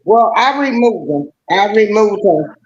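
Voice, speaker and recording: A woman hosting a livestream, speaking slowly and calmly as she tries to settle a heated debate. Her voice sits a bit high. The audio sounds echoey and dull, like a muffled stream feed. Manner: calm, placating. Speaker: livestream host. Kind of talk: moderating a debate.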